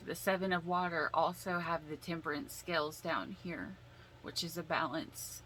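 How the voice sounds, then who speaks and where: A woman giving a casual tarot reading, slow and emotional, sighing and holding back tears as she explains the cards. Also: low voice, steady tone, pushed and bright, slight background noise, poor audio. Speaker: tarot reader.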